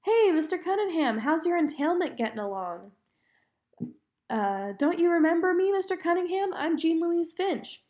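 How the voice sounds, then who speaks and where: A woman reading aloud and voicing a feisty, outspoken young girl in a higher, eager, chatty voice. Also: normal speed, a little mellow.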